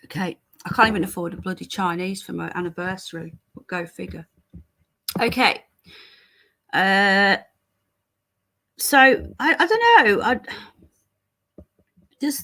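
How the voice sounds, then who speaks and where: A woman's voice: mid-range voice, gravelly, fairly bright tone. A chatty British woman livestreaming. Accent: British English. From Britain. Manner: chatty, rambling, answers chat messages as they come. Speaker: livestream host. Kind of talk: casual livestream chat reading viewer comments.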